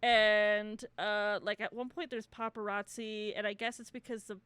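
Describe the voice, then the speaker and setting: A woman's voice: mid-range voice, flat delivery, moderate pace, a bit bright, clean tone, no echo. A young woman co-hosting a casual chat, retelling a movie plot, laughing often, swearing freely and acting out the characters' lines. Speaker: podcast co-host.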